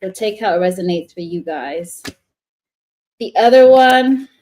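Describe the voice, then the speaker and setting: A woman's voice: medium pitch, lively intonation, measured pace, darkish tone. A woman giving a casual live tarot reading, chatty and rambling, often restarting her sentences. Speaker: tarot reader.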